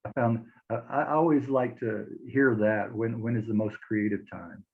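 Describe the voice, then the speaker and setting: A man's voice: on the low side, normal speed, gravelly. A man hosting an interview, eagerly encouraging his guest's stories. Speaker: interview host. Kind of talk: casual interview chat. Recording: tinny phone line.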